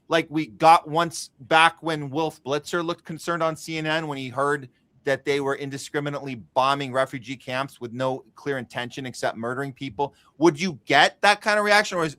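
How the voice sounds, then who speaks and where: Podcast host, male, bright and slightly high, dry close sound, rhetorical and chatty. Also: no room sound. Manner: rhetorical questions, quick asides. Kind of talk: casual political podcast chat.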